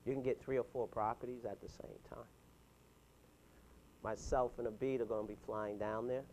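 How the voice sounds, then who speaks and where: A man in his fifties giving an animated, punchy motivational talk to a mastermind group, chuckling between points. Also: medium pitch, normal speed, a little hiss or hum. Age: 50s.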